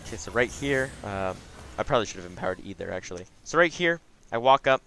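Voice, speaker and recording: A man's voice: mid-range voice, sing-song, fast, pushed and bright, a little hiss or hum. A young man giving casual, chatty commentary over his own gameplay, with frequent asides.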